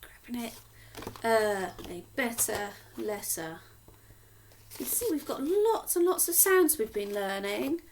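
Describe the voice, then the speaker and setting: A woman teacher takes young children through a phonics lesson, sounding out each word slowly in a sing-song way. Her voice sits a little high and has a gravelly edge. She lived in Cornwall. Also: animated, a little hiss or hum. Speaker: primary school teacher.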